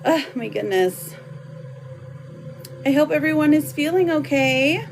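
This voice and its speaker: A woman's voice: sits high, lively intonation, a little slow. A woman in her thirties reading tarot cards on a live stream, chatty and affectionate with her viewers. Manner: chatty, affectionate, laughs often. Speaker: tarot card reader. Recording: noisy home live stream.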